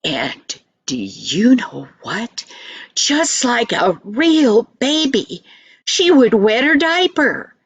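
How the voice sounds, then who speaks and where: Older woman storyteller for children; gentle, sing-song, very slow, slightly high, dry recording. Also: sing-song, breathy edge, no room sound, lo-fi sound.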